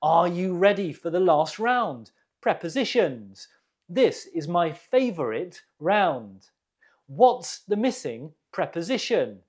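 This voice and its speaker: A man hosting an English quiz lesson, slowly modelling words with deliberate pronunciation. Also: high-pitched. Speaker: English teacher.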